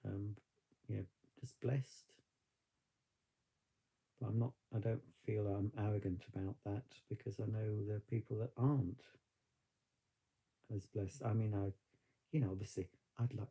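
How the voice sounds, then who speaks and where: Gravelly, dark-voiced man. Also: on the low side, steady tone, measured pace, pauses often. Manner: reflective, rambling, with frequent fillers. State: tearful. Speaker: vlogger. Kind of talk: casual live-stream chat.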